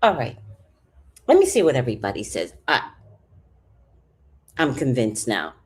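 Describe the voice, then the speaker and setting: A woman's voice: rumbling low, huge pitch swings, measured pace, darkish tone, husky. A woman chatting casually on a livestream, reading out comments with rambling, profane asides and jokes. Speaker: vlogger.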